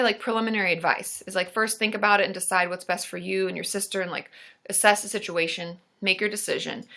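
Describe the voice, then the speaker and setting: A woman therapist hosting a live advice stream with a bright, forward tone. She talks in a loose, chatty way, full of "like" and "um". She stays supportive and joking. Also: lowish voice, creaky. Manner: chatty, supportive, casual filler-heavy talk; laughs and jokes with her partner. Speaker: licensed therapist and channel host.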